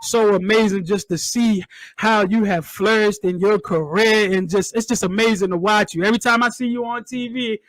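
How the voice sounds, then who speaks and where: A man's voice: high voice, fairly even intonation, normal speed, fairly bright tone, dry recording. A man from Maryland hosting a casual interview, enthusiastic and prone to repeating words as he starts his questions. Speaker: interview host.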